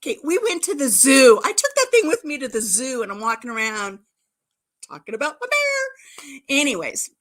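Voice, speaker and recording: A woman's voice: high-pitched, wildly swooping pitch, moderate pace, fairly bright tone. A middle-aged woman hosting a casual livestream, telling childhood stories in a chatty, giggly way with playful innuendo. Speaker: livestream host. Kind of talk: casual chat, storytelling.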